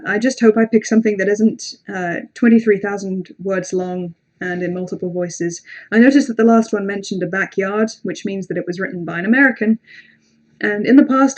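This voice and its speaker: A young British woman with a British accent, chatting casually on a livestream between horror story readings, rambling, self-deprecating and sweary. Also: medium pitch. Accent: British English. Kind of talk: casual live-stream chat and story reading.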